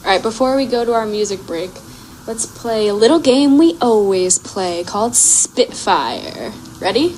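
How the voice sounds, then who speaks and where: A young woman hosting a casual radio interview, upbeat and quick to react, laughing easily. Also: medium pitch, expressive, darkish tone, slight background noise, rough recording. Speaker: radio show host.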